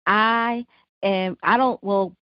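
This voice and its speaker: A woman co-hosting a casual podcast, giving relaxed opinions with lots of "like" and "you know". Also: medium pitch, dry recording, lo-fi sound. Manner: relaxed, drawn-out opinions with many fillers. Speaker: podcast co-host. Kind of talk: casual chat.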